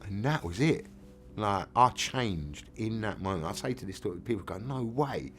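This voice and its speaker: With faint music playing behind him, a middle-aged English-accented man speaks at normal speed in a fairly low, fairly bright voice. He shares his own life story frankly and casually, in plain, candid first-person terms.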